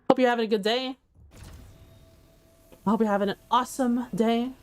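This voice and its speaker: A woman game streamer, a little congested, chatting excitedly with her live chat into a condenser microphone. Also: on the high side, moderate pace, long pauses.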